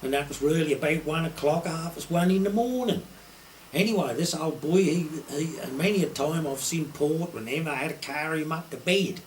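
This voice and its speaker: A man's voice: a little high, normal speed, slight background noise. An older man with a broad Suffolk accent, telling anecdotes and acting out the voices of the people in them. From Suffolk, England. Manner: broad rural dialect, acts out quoted dialogue. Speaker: retired poacher. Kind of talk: anecdotal storytelling.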